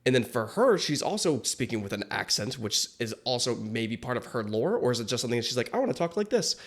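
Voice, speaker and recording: A man giving casual reaction commentary on an animated show, rambling, swearing freely and asking many questions. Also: medium pitch, fairly quick. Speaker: reaction video host.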